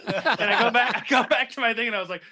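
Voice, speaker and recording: A man and former game show contestant, telling stories in a casual group chat, animated and laughing often. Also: extremely high pitch, quick pace.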